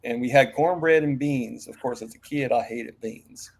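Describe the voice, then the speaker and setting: Rambling man with a gravelly voice. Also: mid-range voice, moderate pace, a little mellow. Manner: rambling, many fillers and restarts. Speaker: interview guest. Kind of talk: casual live-stream chat.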